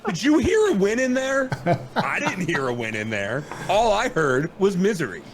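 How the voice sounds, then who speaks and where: A man's voice: high-pitched, wildly swooping pitch, moderate pace, crowd noise. A man hosting a podcast from home, telling a rambling, self-deprecating story in casual chat. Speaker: podcast host.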